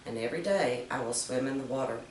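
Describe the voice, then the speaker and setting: A woman's voice: very deep voice, quick pace, a little mellow, slight background noise. A woman voicing a vain male raven in a storybook reading, speaking boastfully in her own everyday voice. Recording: roomy, distant mic.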